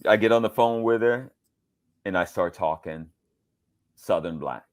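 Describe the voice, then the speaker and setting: A middle-aged man from Georgia, a voice actor being interviewed, telling animated stories and acting out quotes in different voices. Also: fairly low pitch, unhurried. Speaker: voice actor guest. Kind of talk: casual interview storytelling.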